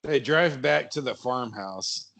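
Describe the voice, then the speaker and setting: A man's voice: mid-range voice, expressive, slow pace, creaky, fairly bright tone. A man narrating a comedy horror podcast script, often laughing and stumbling over his lines.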